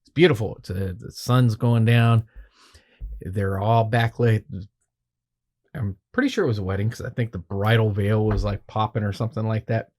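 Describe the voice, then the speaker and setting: A man's voice: lowish voice, a little fast, a little mellow. Laid-back man telling a story. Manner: rambling, profane, laid-back anecdotes. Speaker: podcast guest photographer. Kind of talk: casual storytelling.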